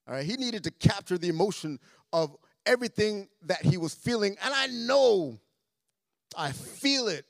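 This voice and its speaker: Guy preaching a sermon, highish voice, dry close sound, goes quiet then loud, repeats himself a lot. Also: big pitch swings, normal speed, creaky, no room sound. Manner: impassioned preaching, repeats phrases, swings between soft and loud. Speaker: pastor. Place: church sanctuary.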